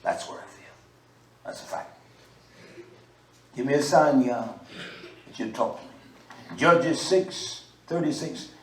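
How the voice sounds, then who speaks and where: A man preaching a sermon, moving from quiet asides to loud, slow scripture reading. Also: a little high. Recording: echoey room, mic at a distance.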